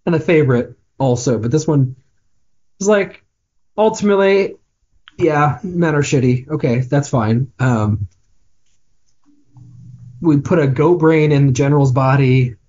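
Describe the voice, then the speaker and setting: A man's voice: a little high, measured pace, long pauses, mellow, highs cut off. A man co-hosting a casual movie review podcast, talking with many restarts and fillers. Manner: chatty, hesitant, many restarts and ums. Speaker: podcast co-host.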